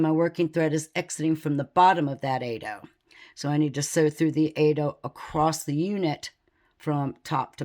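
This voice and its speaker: Low-voiced lady doing a slow calm beading tutorial, counts beads out loud step by step. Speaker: beading instructor.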